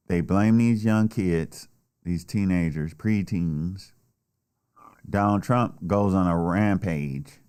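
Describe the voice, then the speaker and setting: A man's voice: sits low, darkish tone, clear, resonant tone. A man delivering a blunt, heated, heavily profane solo political rant. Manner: blunt, heated, swears often. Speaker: political commentator.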